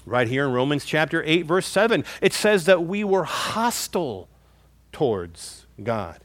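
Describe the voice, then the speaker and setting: A man's voice: on the high side, very animated, unhurried, fairly bright tone, no echo. A man preaching a sermon as a pastor, stressing key words and calling his listeners folks.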